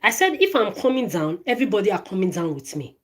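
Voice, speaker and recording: Speaking fast and with a lot of animation, a woman with a medium-pitched voice rants angrily straight into her phone camera. She's a vlogger who swears often, stammers, and keeps repeating words and phrases.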